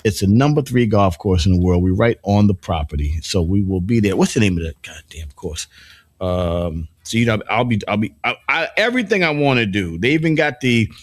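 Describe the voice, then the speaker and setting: A man's voice: fairly low pitch, expressive, a little fast, no room sound. A middle-aged man hosting a morning show in casual banter, rambling and joking with many restarts and asides. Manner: playful, joking.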